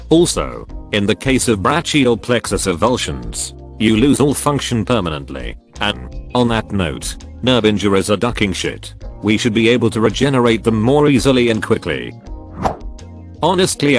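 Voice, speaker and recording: Guy w a lowish voice reading reddit-style posts, flat steady delivery, faint music under it. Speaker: narrator reading online posts. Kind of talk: scripted narration.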